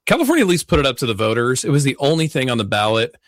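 A man's voice: mid-range voice, very animated, very fast, dry recording. A man co-hosting a casual political podcast, giving short replies and dry quips. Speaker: podcast co-host.

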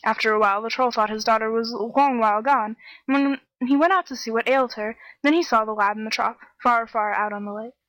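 A woman narrating a fairy tale in a steady, measured storytelling voice. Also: fairly high pitch, no room sound, rough recording. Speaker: audiobook narrator.

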